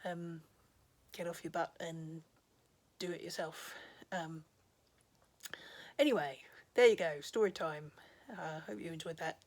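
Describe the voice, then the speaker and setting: A woman retells old folk tales in a relaxed vlog. Her voice sits fairly low and she talks chattily, wandering into asides and pausing with ums. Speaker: storyteller. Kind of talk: casual storytelling vlog.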